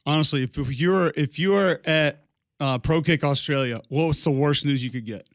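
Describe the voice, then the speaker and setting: A man's voice: a little high, normal speed, no room sound. A man co-hosting a sports radio show, joking around as an Australian punter and calling people mate. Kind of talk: casual sports talk. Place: radio studio.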